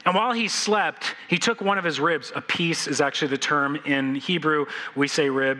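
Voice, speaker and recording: A man preaching a sermon as pastor, animated and playful, acting out the scenes he describes. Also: fairly high pitch, in a large hall, rough recording. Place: church sanctuary.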